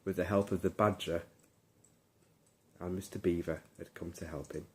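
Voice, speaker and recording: A man narrates a bedtime story in a calm, soothing way. His voice is deep and low throughout. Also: normal speed.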